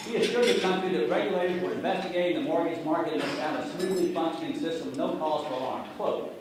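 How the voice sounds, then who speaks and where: A middle-aged man, giving a sarcastic, jokey talk on finance to a live audience and speaking to it directly. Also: on the high side. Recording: echoey hall from far off, noisy.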